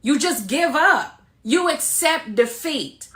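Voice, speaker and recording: Woman preaching at folks in a clip, bright sharp voice. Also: high voice, lively intonation, slow pace. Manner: lecturing, preachy. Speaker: social media commentator. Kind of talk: social media video monologue.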